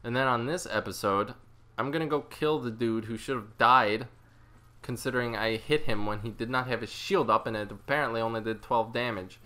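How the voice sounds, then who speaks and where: A man hosting a let's play, giving casual, excitable and self-mocking commentary, often talking to the enemy on screen. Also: mid-range voice, a little fast.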